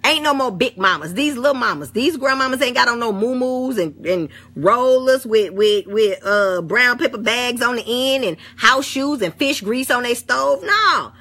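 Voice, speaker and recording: A woman's voice: on the high side, animated, moderate pace, few pauses, bright, forceful tone. A middle-aged woman with an African American St. Louis accent, talking bluntly and swearing freely in a casual chat. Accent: African American English, St. Louis. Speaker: vlogger. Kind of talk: casual talk to camera.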